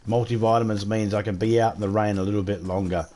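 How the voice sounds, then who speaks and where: Streaming a survival game, this Australian guy keeps up a casual chat with his viewers, joking and swearing without restraint. He speaks fast in a fairly low, steady, slightly mellow voice.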